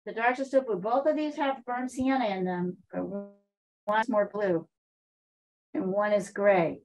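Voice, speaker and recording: A woman's voice: medium pitch, measured pace, darkish tone, faint music behind. A woman art teacher giving online painting instruction over a video call, encouraging and repeating her points as she coaches.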